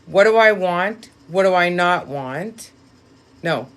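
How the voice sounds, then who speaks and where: A woman doing a casual live-stream reading, talking straight to viewers, blunt and swearing freely, with sudden lifts of excitement and quiet asides. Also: lowish voice, slow. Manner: bursts of excitement, then drops to a quiet aside. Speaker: live-stream tarot reader.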